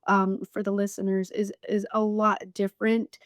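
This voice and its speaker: Host woman, halting and thoughtful. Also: medium pitch, flat delivery, dry recording, clean studio sound. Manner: thoughtful, halting, with many fillers. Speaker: podcast host. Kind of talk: conversational interview.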